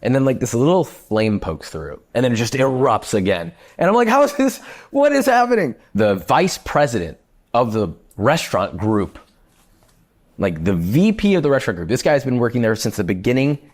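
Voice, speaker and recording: Deep-voiced man telling a chef story. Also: normal speed. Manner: animated, swears freely, lots of fillers. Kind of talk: casual storytelling.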